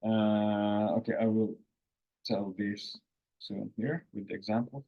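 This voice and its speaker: A man teaches vocabulary in a relaxed, halting way, often restarting his sentences. He talks very slowly. His voice sits fairly low. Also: lo-fi sound. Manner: slow, halting explanations with fillers and restarts. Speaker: language teacher. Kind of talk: casual language lesson.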